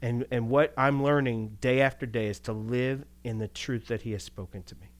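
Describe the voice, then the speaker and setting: Animated male pastor preaching conversationally. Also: medium pitch, normal speed. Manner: animated, rhetorical questions, chuckles. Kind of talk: conversational sermon.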